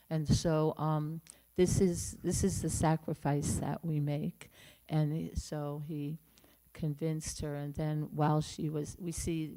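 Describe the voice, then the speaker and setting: A woman giving a morning temple class, telling a devotional story with many pauses, fillers and restarts. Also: low voice, mellow. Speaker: class speaker. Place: temple room.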